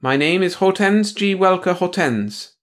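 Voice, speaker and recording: Man doing high-pitched officious lady bureaucrat, middle-aged, prim, stiff, rule-quoting, audiobook. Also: lively intonation, a little slow.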